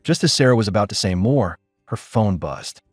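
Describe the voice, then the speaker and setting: A man's voice: lowish voice, expressive, normal speed, dry recording, clean studio sound, faint music behind. A man narrating a first-person audiobook drama in a weary, bitter tone.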